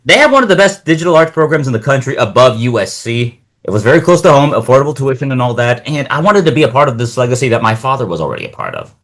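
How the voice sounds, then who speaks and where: A young man chatting as a podcast guest in a lively, animated way. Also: medium pitch, fast talker, hardly any pauses. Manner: animated, acts out quoted voices. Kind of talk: casual chat.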